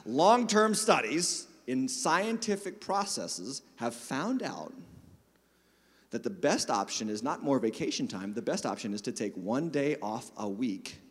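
A man preaching a sermon as pastor, in a conversational, joking storytelling manner. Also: mid-range voice. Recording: long reverb of a large church hall.

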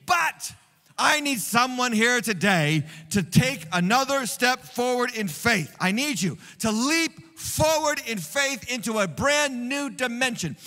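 A man preaching a sermon as pastor, energetic, drawing out phrases and calling on the congregation to respond. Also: very high-pitched. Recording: reverberant hall sound.

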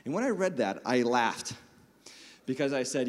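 A man's voice: medium pitch, big pitch swings, moderate pace. A man preaching a sermon as pastor, in a conversational, joking storytelling manner. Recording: long reverb of a large church hall.

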